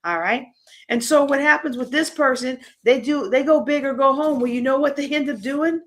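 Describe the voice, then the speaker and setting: Talking straight to the room at a moderate pace, a woman runs a live workshop at a conference. Her delivery is lively and conversational, and her voice sits on the high side.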